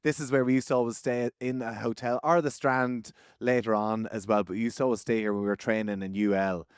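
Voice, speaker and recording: Irish ex-player co-host, forties, mid-pitched, animated storyteller, dry booth sound. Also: male voice, brisk, clear, resonant tone, no echo. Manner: animated anecdotes, laughing mid-sentence. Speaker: co-host, former rugby player. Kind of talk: casual podcast chat, storytelling.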